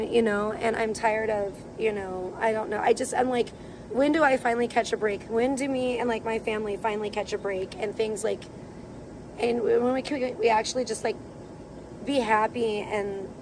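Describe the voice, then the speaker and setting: A woman's voice: on the high side, fairly even intonation, moderate pace, noisy background. A woman livestreaming casually, venting in a rambling way with many fillers as she moves from outdoors into her home. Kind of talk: casual IRL livestream chat. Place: outdoors then moving indoors at home.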